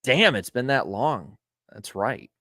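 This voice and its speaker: A Florida man hosts a laid-back livestream, chatting with viewers and reading their comments in a meandering way packed with ums and uhs, then getting firm when he scolds rude ones. His medium-pitched voice is expressive and unhurried, with a sharp tone, and the recording is dry and studio-clean.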